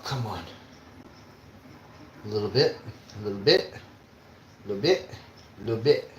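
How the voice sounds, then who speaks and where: A man on a casual livestream, cooking in his kitchen and swearing constantly as he rants, with sudden loud outbursts. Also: medium pitch. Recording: roomy with faint background hum.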